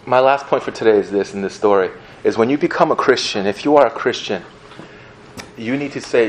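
Casual, animated male preacher. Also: fairly low pitch, quick pace, slight background noise. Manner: animated, casual, laughs often. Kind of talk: storytelling sermon. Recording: roomy echo, faint ambience.

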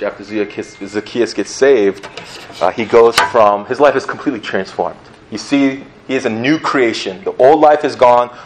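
A man preaching a sermon in a casual, animated storytelling manner, often laughing as he talks. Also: fairly low pitch, a little hiss or hum. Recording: roomy echo, faint ambience.

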